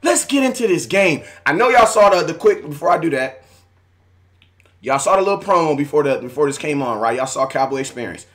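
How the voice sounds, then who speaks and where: Hyped, bright-voiced man on a live stream. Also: a little high, lively intonation, a little fast. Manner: shouting out viewers by name, hyped and talkative. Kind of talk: casual live stream chat.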